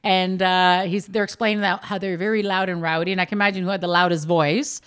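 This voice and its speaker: Middle-aged mother guesting on a podcast, chatty and rambling, average pitch. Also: flat delivery, quick pace, a bit bright, smooth. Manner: rambling, restarts, chuckling. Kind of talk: casual family chat.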